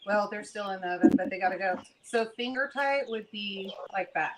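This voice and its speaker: A woman in her home kitchen, explaining relaxed and hands-on as she works, on a casual video-call livestream. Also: medium pitch, a little fast. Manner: relaxed, explains while working. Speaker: guest canner explaining. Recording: noisy background.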